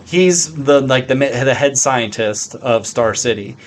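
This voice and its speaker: A man's voice: mid-range voice, takes it slowly, slight background noise. A man co-hosting a podcast in casual chat, rambling with lots of "like" and a good deal of swearing. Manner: rambling, heavy on fillers and swearing. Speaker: podcast co-host.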